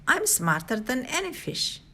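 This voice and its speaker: A woman voicing an eager, boastful young girl in a read-aloud storybook, with a high, bouncy delivery. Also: big pitch swings, unhurried, bright, forceful tone, exaggerated voice.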